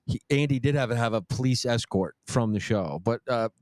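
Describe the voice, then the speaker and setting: A man's voice: medium pitch, normal speed, darkish tone, dry recording. A man co-hosting a comedy podcast, casually chatting and asking playful follow-up questions. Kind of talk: casual chat.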